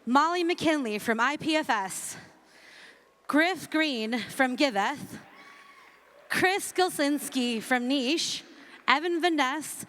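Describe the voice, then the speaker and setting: A woman's voice: sits high, lively intonation, takes it slowly, fairly bright tone. A woman hosting a ceremony on a conference stage, announcing finalists in an upbeat way with fillers between names. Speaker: ceremony host. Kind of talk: announcing winners at a live event. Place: large conference hall stage. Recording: reverberant large hall.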